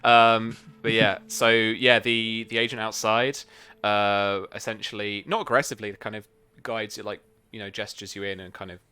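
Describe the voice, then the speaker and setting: A man's voice: on the low side, steady tone, normal speed, hardly any pauses, sharp tone, clean tone. A man narrating a tabletop game as game master, describing scenes loosely with many fillers.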